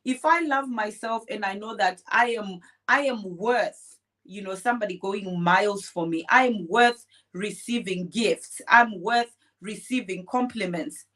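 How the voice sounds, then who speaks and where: A woman's voice: medium pitch, a little slow, fairly bright tone. A woman co-hosting a podcast, speaking in an encouraging, affirming way. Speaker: podcast co-host. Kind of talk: conversational discussion.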